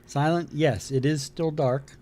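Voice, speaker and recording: A man co-hosting a podcast in casual chat, relaxed, mostly giving short agreeing replies. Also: a little high, a little slow, slight background noise. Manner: laid-back, mostly brief agreeing replies. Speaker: podcast co-host.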